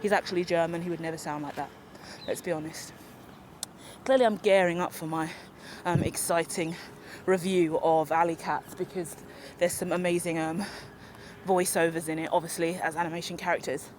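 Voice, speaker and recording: A woman, rambling through an unscripted walk-and-talk vlog outdoors, animated and self-mocking. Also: fairly low pitch, moderate pace, slight background noise. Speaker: vlogger. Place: outdoors in a park or woodland. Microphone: handheld camera while walking.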